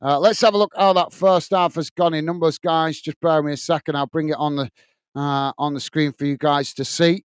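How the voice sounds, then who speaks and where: A man's voice: on the high side, steady tone, fairly quick, clean tone, no room sound. A man hosting a live football watch-along from home, chatting earnestly with viewers and calling the play with many fillers and restarts. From England. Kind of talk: live match commentary and chat. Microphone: headset earpiece.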